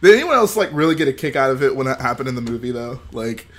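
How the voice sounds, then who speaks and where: A man's voice: mid-range voice, sing-song, fast, a bit bright, a little hiss or hum. A man hosting a casual livestream, reading chat aloud, laughing often and trying out movie-quote impressions. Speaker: livestream host.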